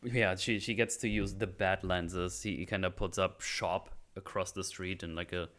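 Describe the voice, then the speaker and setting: A man with a deep, clear and resonant voice talks through a film on a podcast. His delivery is loose and rambling, full of fillers and restarts, with joking asides at his own expense. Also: fairly even intonation, moderate pace, fairly bright tone. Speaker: podcast co-host recapping a film. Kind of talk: casual chat.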